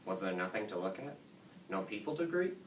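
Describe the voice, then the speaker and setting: A man reading the lines of a stern, calm father who quizzes his son, recorded in an echoey room from a distance. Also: sits low, a little fast, slight background noise.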